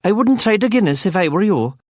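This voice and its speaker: A man voicing a young, friendly barman from Cork, in high-pitched, eager tones with a Cork accent. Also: very animated, a little fast, darkish tone, no room sound, clean studio sound. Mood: chatty.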